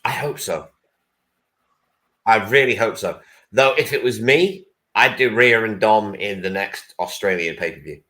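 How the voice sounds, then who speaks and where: Bright-voiced man in casual wrestling chat. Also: fairly low pitch, a little slow. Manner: swears casually. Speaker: wrestling podcast co-host.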